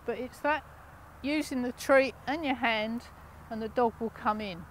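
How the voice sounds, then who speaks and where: A woman from the United Kingdom teaching a dog training class, giving brisk, encouraging commands with lively inflection. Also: fairly high pitch, a little hiss or hum.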